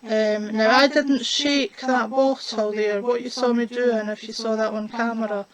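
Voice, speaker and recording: A woman's voice: fairly high pitch, fairly even intonation, crowd noise, low-quality recording. A woman, chatting casually while demonstrating a colouring craft. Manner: chatty, unhurried, talks while working.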